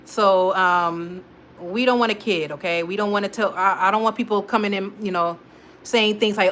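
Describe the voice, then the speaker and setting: Woman, livestream host, casual and animated, mid pitch, faint background noise. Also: normal speed. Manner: animated, talks to chat moderators by name, scolding trolls.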